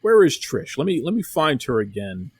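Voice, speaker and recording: A man's voice: on the high side, very animated, normal speed, darkish tone, husky. A man hosting a casual wrestling podcast, talking with enthusiasm and often repeating phrases. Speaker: podcast host.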